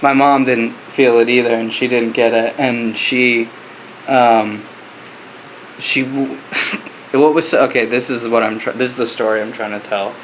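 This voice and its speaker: A man's voice: mid-range voice, steady tone, measured pace, a bit bright, slight background noise, poor audio. A man co-hosting a podcast in casual chat, telling stories loosely with profanity and laughter. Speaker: podcast co-host.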